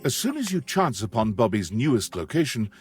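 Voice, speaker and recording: A man's voice: medium pitch, big pitch swings, a little fast, over music. A man giving scripted game narration in a wry, dry storytelling manner.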